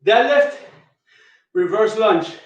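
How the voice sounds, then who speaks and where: A man's voice: sits high, lively intonation, slow, dull audio. A man coaching a workout, counting reps aloud and calling out each move while out of breath. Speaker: fitness coach. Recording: echoey room, far from mic.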